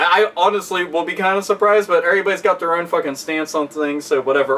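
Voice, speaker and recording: A man rants angrily with constant swearing and exasperated sarcasm. His voice is high with a bright, sharp edge. He sits a little back from the microphone. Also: distant mic. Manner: heavy profanity, exasperated, sarcastic. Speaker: video host. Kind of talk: angry ranting commentary.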